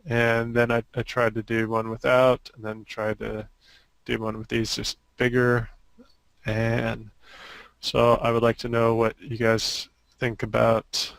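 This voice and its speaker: Concept artist, male; gravelly, unhurried delivery, halting with frequent restarts, casual call chat. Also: mid-range voice, monotone, fairly bright tone, no echo, rough recording. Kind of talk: casual show-and-tell on a group call.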